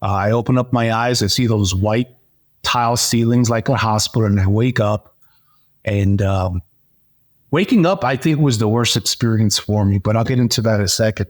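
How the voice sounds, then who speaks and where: A man as an interview guest, telling a personal story in a lively, animated way, with frequent fillers and restarts. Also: fairly low pitch, moderate pace. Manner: animated storyteller, acts out dialogue. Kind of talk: personal testimony in conversation.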